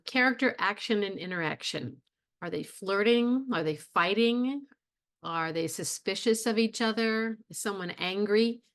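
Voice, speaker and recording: Brief: middle-aged woman teaching a college theatre class, chatty lecture tone, asks the class questions. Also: mid-range voice. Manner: conversational, with fillers and rhetorical questions. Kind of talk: recorded video lecture.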